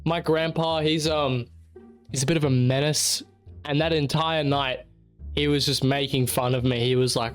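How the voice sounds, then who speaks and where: A man's voice: on the high side, fairly even intonation, moderate pace, clear, resonant tone, soft background music. A young man, casually telling a story to the camera in a rambling, self-mocking way with plenty of swearing. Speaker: channel host.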